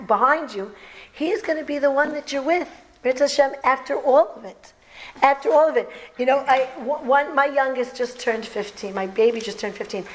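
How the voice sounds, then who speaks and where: A woman's voice: fairly high pitch, low-quality recording. A middle-aged woman who teaches brides, giving a talk to women and telling stories, acting out quotes with laughter. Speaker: bridal teacher and speaker.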